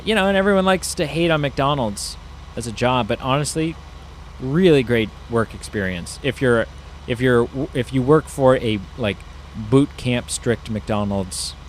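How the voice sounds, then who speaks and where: A gaming YouTuber plays a farming game while offering casual, rambling commentary, musing aloud with lots of fillers. His voice is mid-range, with slight background noise.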